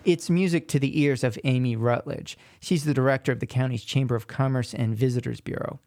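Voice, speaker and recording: A man narrating a radio news feature in a measured, scripted reporting style. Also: medium pitch, fairly even intonation, darkish tone, no room sound, clean studio sound.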